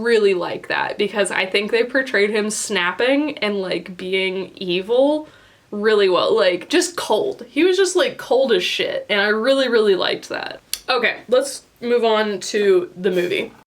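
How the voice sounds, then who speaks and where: Chatty young woman reviewing, blunt and animated. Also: moderate pace. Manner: chatty, with frequent "like" fillers and blunt swearing; animated, jumps in pitch for emphasis. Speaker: book and movie reviewer. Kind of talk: casual spoken review.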